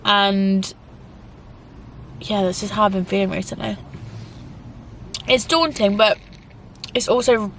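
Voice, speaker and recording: In an emotional, casual vlog, a young English woman YouTuber rambles with plenty of fillers and sometimes sounds tearful. She speaks slowly at medium pitch, pausing often, in a slightly bright voice over faint hiss or hum.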